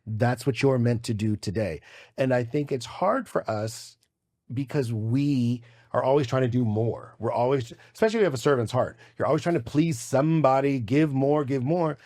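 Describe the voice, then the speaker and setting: A man hosting a podcast, telling stories in an animated, casual way and swearing freely. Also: medium pitch, normal speed. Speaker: podcast host.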